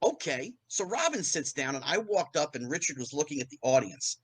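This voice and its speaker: A middle-aged man, a podcast guest, telling anecdotes in a lively way and acting out the voices of people he quotes. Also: on the high side, brisk, husky, poor audio. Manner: animated, acts out quoted voices. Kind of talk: anecdotal storytelling.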